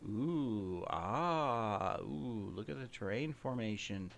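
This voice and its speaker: A man's voice: fairly low pitch, animated, takes it slowly, gravelly. A man hosting his own gameplay channel, rambling casually with playful, self-mocking boasts about his show. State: slightly out of breath, coughing. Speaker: gaming channel host.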